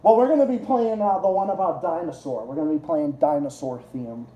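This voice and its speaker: A man's voice: fairly high pitch, brisk, highs cut off. Profane rambling man streaming, echoey room. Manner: rambling, profane, laughs at own jokes. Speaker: livestream host. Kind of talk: casual livestream chat. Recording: roomy echo.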